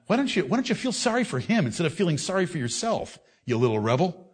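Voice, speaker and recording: This preacher's fiery sermon moves between booming proclamation and hushed, intense reasoning, and he scolds the people listening to him directly. His voice has a sing-song lilt, a quick pace, and a slight roughness.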